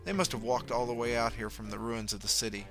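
A man narrating a story in a steady, low-key way, dropping softer for inner thoughts. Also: fast, over music. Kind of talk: audiobook narration.

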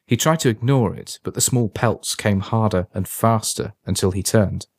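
A man narrating a story in a steady, measured reading voice. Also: lowish voice, gravelly, no room sound, clean studio sound.

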